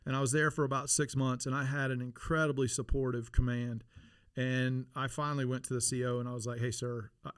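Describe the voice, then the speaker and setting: Animated storytelling man, bright voice. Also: medium pitch, fairly quick, clean tone, no room sound, clean studio sound. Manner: animated, laughing storyteller with many restarts. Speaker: podcast guest, former Navy SEAL. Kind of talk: casual storytelling interview.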